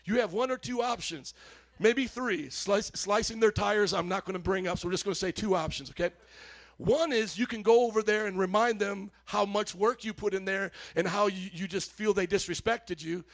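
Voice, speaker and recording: A male pastor preaching a sermon to his congregation, animated, calling out to the audience and rising to shouts. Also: high-pitched, moderate pace.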